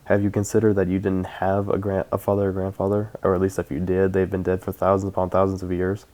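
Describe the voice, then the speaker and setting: A blunt female companion speaks matter-of-factly, read by a man. The voice stays low and level, barely shifted from his own. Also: completely flat delivery, fast, a little mellow, close to an everyday voice.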